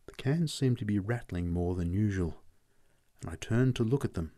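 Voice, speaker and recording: A man narrates a story in a lowish voice. His telling is steady and reflective. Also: normal speed. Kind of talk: audiobook narration.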